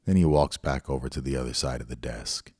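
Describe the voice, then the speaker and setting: A man's voice: a bass voice, a little fast, darkish tone, breathy edge, no echo, studio quality. A middle-aged man hosting a podcast, telling a personal story in a candid, reflective way. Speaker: podcast host. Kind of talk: storytelling monologue.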